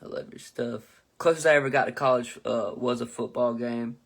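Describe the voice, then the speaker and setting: Speaking at a fairly quick clip in a steady, mid-range voice, a twenties-aged man from the American South hosts a live comedy chat. He reads viewers' comments aloud and jokes loosely, swearing a lot. He keeps it loose and profane and tends to stumble over names.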